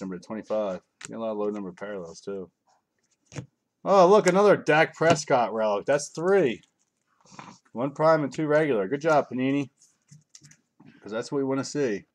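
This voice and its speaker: A man's voice: mid-range voice, moderate pace, long pauses, a little hiss or hum. A man hosting a live card break from home, rambling casually as he calls out each card he pulls. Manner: rambling and chatty, calling out cards as he opens packs. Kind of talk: casual live-stream commentary.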